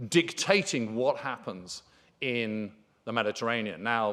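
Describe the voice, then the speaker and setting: A mid-range-voiced man lectures on history at a conference in a hall, delivering it emphatically and with enthusiasm while using lots of fillers.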